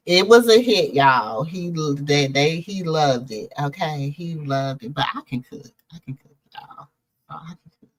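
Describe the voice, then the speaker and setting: A middle-aged woman with a bright, forceful voice talks unhurriedly to her viewers. She tells her stories with animated asides, in a dry, close recording. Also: low voice, no room sound, rough recording. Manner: animated storytelling, calls out to viewers. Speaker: host. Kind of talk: casual chat to viewers.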